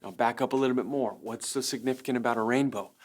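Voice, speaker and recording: A middle-aged man, a pastor, telling an earnest personal story with lively swings from excited highs to soft, low moments. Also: fast talker. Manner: earnest storytelling, voice rising when excited and dropping low for quiet lines. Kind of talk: personal testimony talk.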